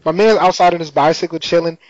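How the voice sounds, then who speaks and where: A fast-talking man with a fairly high, steady voice casually retells a TV episode in laid-back slang, laughing often. The audio is dry, lo-fi and slightly muffled.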